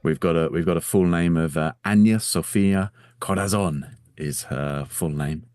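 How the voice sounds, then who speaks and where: A man's voice: sits low, unhurried, a little mellow, faint music behind. A man co-hosting a podcast, explaining things in a matter-of-fact way and agreeing often. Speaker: podcast co-host. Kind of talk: casual comedic chat.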